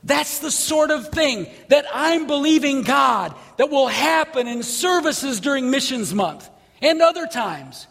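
Male pastor, very high and raspy-edged, lively storyteller, reverberant church hall. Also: measured pace. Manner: animated, shouts at story peaks. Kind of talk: sermon with storytelling.

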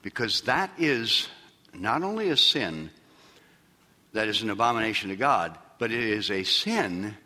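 A man preaching a sermon as pastor, swinging from shouted peaks down to low, quiet asides. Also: in a large hall. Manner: preaching with loud shouted peaks and sudden drops.

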